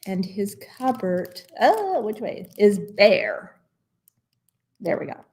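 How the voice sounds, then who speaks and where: Woman, library storytime reader, lively sing-song pitch, unhurried, playful asides. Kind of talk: reading a picture book aloud to children.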